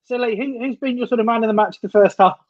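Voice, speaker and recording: A woman's voice: a little high, very fast, lo-fi sound, a crowd in the background. A woman co-hosting a football reaction stream, chatting casually with dry, teasing banter. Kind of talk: casual live match reaction chat.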